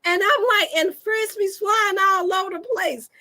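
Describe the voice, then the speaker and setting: A woman, a wellness host telling an animated, folksy story to her listeners and laughing often. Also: very high-pitched, unhurried. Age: 40s. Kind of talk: storytelling to a live audience.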